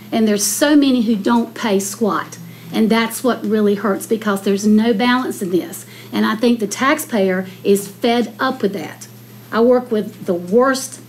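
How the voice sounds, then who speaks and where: A woman's voice: on the high side, a little hiss or hum, rough recording. Blunt, impassioned middle-aged woman. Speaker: county commissioner. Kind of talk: public meeting debate. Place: county commissioners' chamber.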